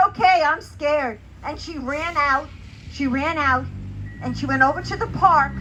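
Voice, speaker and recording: A woman's voice: sits high, noisy background. A woman telling a children's story, asking her young listeners questions as she goes.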